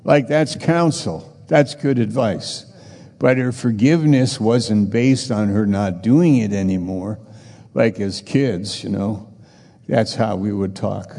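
Guy preaching, gravelly voice, big echoey church reverb, gets loud and pushy. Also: on the low side, takes it slowly. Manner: earnest, grows emphatic and raised. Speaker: pastor. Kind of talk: sermon.

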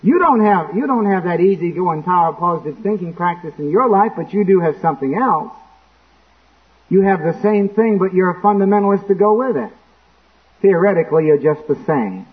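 Man preaching in church, pretty high voice, sounds thin like an old phone tape. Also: animated, brisk. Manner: preaching with acted-out quotes and sudden shouts. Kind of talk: sermon. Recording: tinny lo-fi phone-like recording.

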